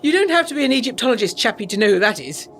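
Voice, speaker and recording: A man's voice: extremely high pitch, sing-song, racing, creaky, fairly bright tone, faint music behind, voice pushed up, full character voice. A woman voicing a young RAF officer who talks in an offhand, dismissive and teasing way.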